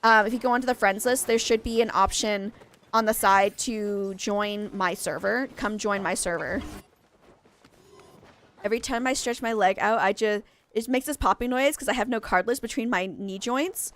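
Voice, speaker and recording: A woman's voice: medium pitch, normal speed, a bit bright, slight background noise. A young adult woman streaming a game, chatting casually in a rambling way, full of exclamations and restarts. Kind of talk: casual chat while gaming live.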